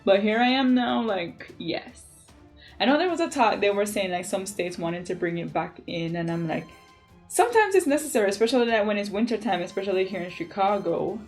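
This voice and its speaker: Animated Jamaican woman telling stories. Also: mid-range voice, brisk, soft background music. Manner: animated, emphatic, frequent "like". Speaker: beauty vlogger. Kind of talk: casual chatty storytelling.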